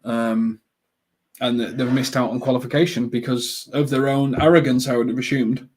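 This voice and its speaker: A man hosting a live football watchalong, chatting casually with viewers in a rambling way, full of ums and quick excited bursts at the action. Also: medium pitch, slight background noise.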